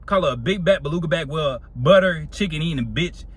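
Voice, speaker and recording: A man's voice: fairly high pitch, animated, fairly quick, slightly rough. A young man telling a casual storytime monologue in a slangy, laid-back way, laughing often.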